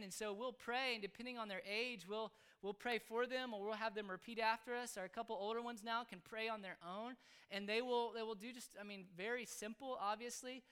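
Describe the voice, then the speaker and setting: A man explaining how he raises his children, speaking earnestly in halting phrases. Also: high-pitched, steady tone, fairly bright tone, clear, resonant tone. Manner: earnest, halting, with frequent restarts. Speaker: father explaining his parenting. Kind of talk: casual spoken explanation.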